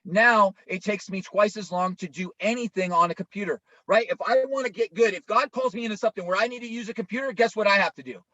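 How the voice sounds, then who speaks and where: A man's voice: sits high, fast talker, hardly any pauses, pushed and bright, no echo. A male pastor preaching an informal, conversational sermon, often checking in with listeners by asking "right?". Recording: dull lo-fi, dry sound.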